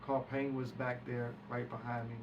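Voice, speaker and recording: A man's voice: medium pitch, flat delivery, normal speed, highs cut off. A man recounting a story as a guest, acting out quoted speech and swearing freely. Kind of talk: animated storytelling. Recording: distant mic with background hiss.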